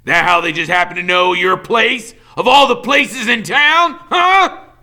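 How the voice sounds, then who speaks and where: A man voicing a cold, volatile convict father who drawls low and then barks loud threats. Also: lively intonation, a little slow, exaggerated voice. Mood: menacing.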